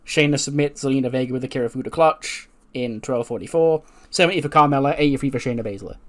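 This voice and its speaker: A man's voice: medium pitch, fast talker. A man giving casual, amused commentary as he retells a game storyline, voicing the characters along the way. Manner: chatty, amused, narrates with voiced quotes. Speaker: let's play creator.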